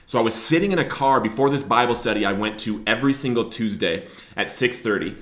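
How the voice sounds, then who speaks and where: A man's voice: mid-range voice, quick pace, reverberant. Man telling his own recovery story. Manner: emotional, rising to loud shouting in places. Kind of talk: personal testimony to camera. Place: Billings, Montana area.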